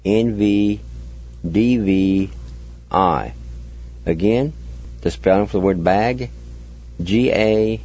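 A man teaches a radio language lesson at a very slow, patient pace. He spells each word out letter by letter and repeats it, his low voice coming through a dull, lo-fi recording. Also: dark tone.

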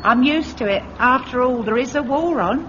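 A brisk, chatty bus conductor. Her fairly high voice swings up and down as she chats. It is heard through a dull, hissy old radio recording. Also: expressive.

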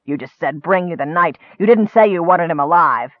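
A man's voice: fairly high pitch, animated, moderate pace, no room sound, natural voice. A man voicing a surly half-human male goblin chief, growling and sneering, recorded dry and tinny. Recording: dry, tinny, narrow-band.

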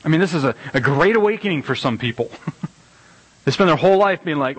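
Husky-voiced rambling preacher man. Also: on the high side, racing, poor audio. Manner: animated, rambling, with many restarts and repeated words. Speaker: pastor. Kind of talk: casual conversational sermon. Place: church sanctuary.

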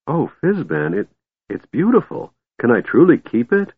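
A man voicing an excitable, eager small male kender in a high voice, on a tinny, dry recording. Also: moderate pace, husky, exaggerated voice. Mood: excited.

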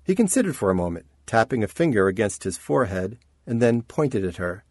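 Expressive male audiobook narrator, dry sound. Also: lowish voice, husky, dry recording. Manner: measured, expressive storytelling. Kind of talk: scripted narration.

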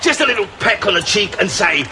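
An actor playing a rough sailor who wheedles in a childlike way, with studio audience laughter. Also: male voice, sits high, big pitch swings, a little fast, pushed and bright, a little hiss or hum, full character voice. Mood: wheedling. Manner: gravelly, wheedling. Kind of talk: sitcom acting.

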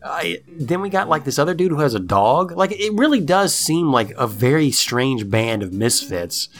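A man in casual chat, recapping a cartoon episode with lively storytelling and lots of "like", acting out the characters' lines. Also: a little high, moderate pace, soft background music. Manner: profane, lots of "like". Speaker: podcast co-host recapping a cartoon.

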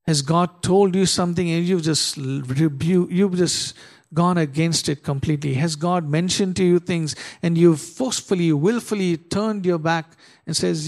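A man preaching a sermon with an emphatic, rising delivery. He fires rhetorical questions at his listeners and slows right down to read scripture with weight. His voice sits a little higher than most men's. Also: a little mellow. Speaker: pastor.

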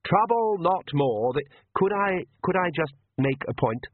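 A man's voice: high-pitched, animated, a little slow, husky, no room sound, pitched above the performer's own voice, heavily acted. A man playing a stammering young priest. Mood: flustered. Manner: hesitant, stumbling over solemn archaic words. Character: nervous young male priest, stammering archaic oaths. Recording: tinny phone-like audio.

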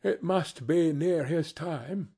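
A man reading aloud and voicing a grieving mother, keeping a steady, cheerful tone that wavers, in a raised, husky voice. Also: a little high, takes it slowly, voice pushed up, heavily acted. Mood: tender.

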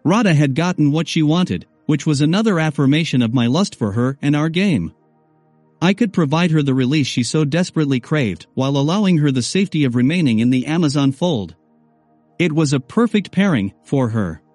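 A man reads a first-person story with a wry, conversational delivery and a voice on the higher side. The sound is dry and close, with soft music under him. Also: animated, brisk, dry recording. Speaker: narrator. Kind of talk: first-person audiobook narration.

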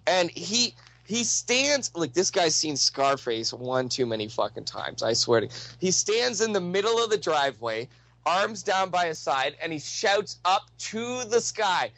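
A young man with a high voice tells a story in casual, profane speech. He laughs often and acts out the other people as he goes. The sound is dry and close. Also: very animated, unhurried, fairly bright tone, no room sound, low-quality recording.

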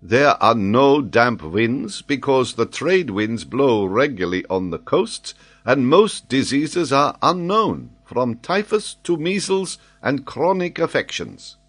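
A man voicing an excitable, impetuous French scholar in an audiobook, speaking vehemently and emphatically. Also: medium pitch, slow, full character voice. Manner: vehement, emphatic, eager to astonish.

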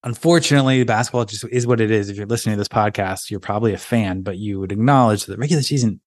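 A man co-hosting a sports podcast in casual chat, relaxed and opinionated. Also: on the low side, racing, no room sound, clean studio sound. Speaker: podcast co-host.

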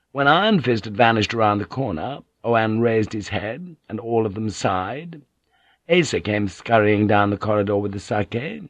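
A man narrating an audiobook in a measured storytelling manner. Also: on the low side, no room sound, dull audio. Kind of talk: scripted narration.

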